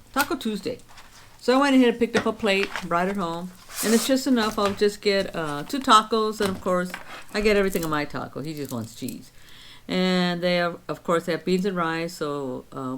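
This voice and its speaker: A woman in her sixties hosts a vlog, chatting casually as she counts her savings aloud and tells stories about her week. Her voice sits low, with a little hiss or hum in the background.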